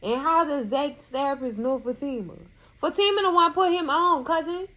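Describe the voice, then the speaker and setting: A woman giving casual TV recap commentary in a sassy, animated way, scolding the characters and calling her viewers cousins. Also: sits high, normal speed. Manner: colloquial, addresses viewers as cousins.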